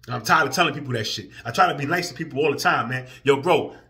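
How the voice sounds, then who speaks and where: Emotional man ranting, bright voice. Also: medium pitch, fast. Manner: profane, swings from quiet and weary to loud and heated. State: emotional, near tears. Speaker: vlogger. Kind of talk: emotional vlog rant.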